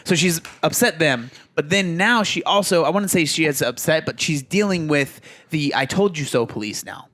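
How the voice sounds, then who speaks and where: A young man co-hosts a podcast, talking through his opinions in an animated, casual way with many "like"s. His voice sits a little high for a man, and the recording is close and dry. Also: moderate pace, hardly any pauses, dry recording. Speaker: podcast co-host. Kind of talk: casual chat.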